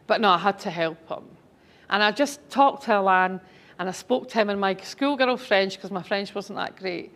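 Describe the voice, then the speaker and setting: A woman's voice: mid-range voice, moderate pace, fairly bright tone. A middle-aged woman, a speaker and author, telling anecdotes to an audience in a chatty, enthusiastic way. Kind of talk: storytelling talk to an audience.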